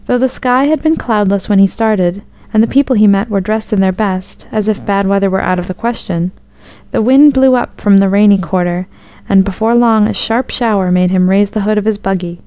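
A woman reading a storybook tale aloud as narrator, in a steady, even-paced delivery. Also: medium pitch, normal speed, smooth.

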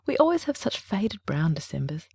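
A woman's voice: low voice, very animated, moderate pace, vocal fry, a little mellow, husky, no room sound, studio quality, exaggerated voice. A woman reading a story aloud, voicing a dramatic seventeen-year-old girl who talks dolefully and eagerly. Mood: cheerful.

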